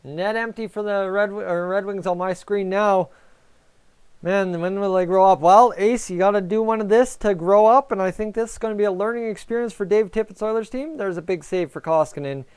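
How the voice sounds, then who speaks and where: A young man giving nervous, excitable live reaction commentary on a hockey game and talking to his chat. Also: high voice, brisk, smooth. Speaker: fan streamer.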